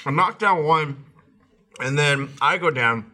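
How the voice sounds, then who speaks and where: A man's voice: on the high side, lively intonation, slow pace, sharp tone. A man on a casual group podcast, telling gaming anecdotes with a laugh. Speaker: podcast co-host.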